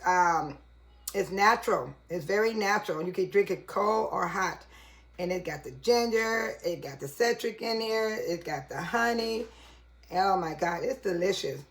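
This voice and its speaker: A woman chatting to viewers in her home kitchen, casual and laughing often. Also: medium pitch. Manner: chatty, laughs a lot, addresses viewers as y'all. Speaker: vlogger. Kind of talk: casual kitchen vlog talk.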